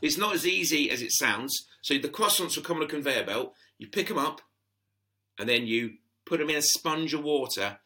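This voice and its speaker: A man, chatting as an interview guest and telling stories, animated and quick to laugh, often acting out the voices of people he quotes. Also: a little high. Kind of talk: casual storytelling interview.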